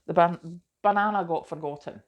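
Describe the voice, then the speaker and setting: A middle-aged woman talks casually to camera with a somewhat low voice. She rambles through her day with frequent asides and gentle self-mockery. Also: moderate pace, lo-fi sound. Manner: chatty and rambling, self-deprecating, often says "do you know". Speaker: vlogger.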